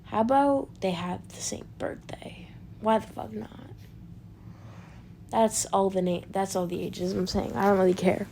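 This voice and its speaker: A woman's voice: mid-range voice, steady tone, a little slow, vocal fry, dark tone, a little hiss or hum. A woman telling an improvised story in a rambling, casual way, full of fillers and restarts and free with swearing. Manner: swears freely. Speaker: fan storyteller.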